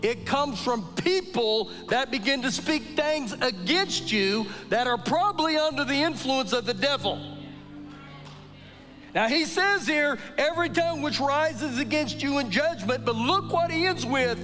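High-voiced preacher in a reverberant church. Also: male voice, unhurried. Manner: animated storytelling preacher, acts out quotes. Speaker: pastor. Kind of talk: sermon. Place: church sanctuary during a service. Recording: live church service with long reverb and faint music.

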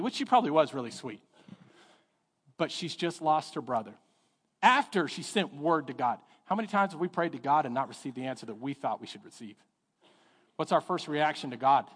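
Animated middle-aged pastor in a reverberant hall. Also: male voice, mid-range voice. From Texas. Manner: animated storytelling, acting out voices. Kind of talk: sermon. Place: church sanctuary. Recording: long reverb of a church hall.

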